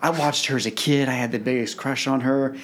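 A man's voice: medium pitch, steady tone, brisk, fairly bright tone, slight background noise. Male podcast host, mid-range voice, agreeable and encouraging. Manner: agreeable, encouraging, eager to prompt. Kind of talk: casual interview chat.

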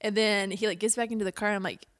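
A woman's voice: mid-range voice, fairly even intonation, very fast, a little hiss or hum. A woman hosting a casual podcast chat, telling stories with frequent giggles. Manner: giggly storyteller. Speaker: podcast host.

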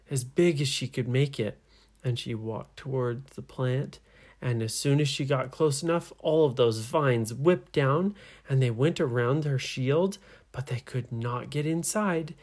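A storyteller telling an improvised bedtime adventure, slowly and with gentle suspense. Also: medium pitch. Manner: slow, animated, gently suspenseful.

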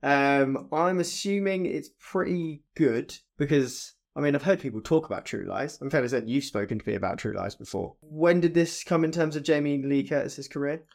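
Brief: male co-host, hesitant, thinks out loud. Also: fairly high pitch, moderate pace, vocal fry, few pauses. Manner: hesitant, reasoning aloud. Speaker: podcast co-host, quiz contestant. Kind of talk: casual film chat.

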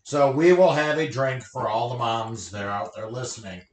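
A woman co-hosts a casual true-crime podcast from a couch at home, teasing her co-host and cracking jokes. Her voice echoes around the room, and clear chatter can be heard behind her. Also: extremely low pitch, normal speed. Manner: teasing, joking.

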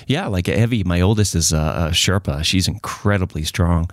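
A man in his forties co-hosting a podcast who tells anecdotes in a relaxed, chatty way. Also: sits low, normal speed, no echo, studio quality. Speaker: podcast co-host. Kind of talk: casual storytelling chat.

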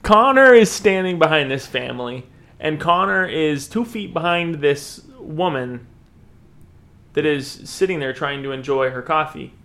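A man's voice: a little high, measured pace. A man telling a funny story in casual podcast chat, laughing often and acting out the voices of people in it. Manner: animated, laughing, acts out voices in quotes. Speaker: podcast host.

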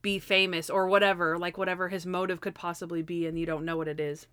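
A woman's voice: on the low side, little pitch movement, fast talker, fairly bright tone, clear, resonant tone, dry recording. A young woman retells a TV episode in casual chat, full of "like" fillers. She acts out the lines with animation. Her voice sounds dry and close, with no room around it. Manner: frequent "like" fillers.

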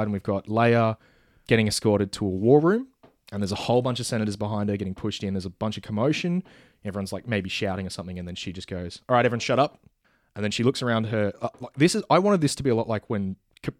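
The man talks fast while casually pitching his film idea, meandering with fillers, restarting sentences, and sometimes acting out bits of dialogue. It's studio-quality audio with no room sound.

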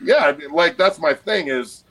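A man's voice: on the high side, lively intonation, moderate pace, a bit bright, poor audio. A man in his forties, a guest on a podcast, talking bluntly and emphatically with a lot of swearing. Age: 40s. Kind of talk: casual podcast conversation.

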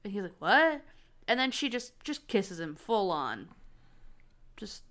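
A woman's voice: mid-range voice, big pitch swings, a little slow, fairly bright tone. A woman co-hosting a podcast, retelling TV scenes in casual chat and acting out the lines. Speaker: podcast co-host.

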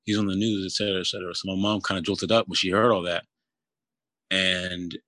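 Man in his twenties, low-pitched, flat delivery, filler-heavy casual storytelling. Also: fairly quick, no echo. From Philadelphia area. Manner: casual, many fillers like "you know" and "kinda". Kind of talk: personal storytelling.

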